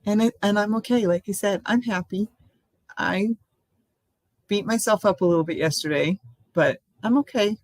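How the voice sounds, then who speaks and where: A woman's voice: mid-range voice, normal speed, pauses often, darkish tone, no room sound. An older woman hosting a casual live stream, chatting in a rambling way from home and laughing often.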